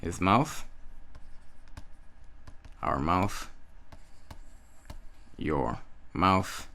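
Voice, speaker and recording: A man's voice: low voice, lively intonation, drawn-out words, gravelly, pushed and bright, a little hiss or hum. A man giving a language lesson, patiently repeating words and checking with the listener. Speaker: Hebrew teacher. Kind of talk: slow, drilling language lesson.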